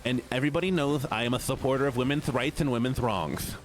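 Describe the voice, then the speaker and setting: A man's voice: mid-range voice, fast, soft background music. A man streaming live, chatting casually and rambling to his viewers, often breaking into laughter. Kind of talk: casual livestream chat.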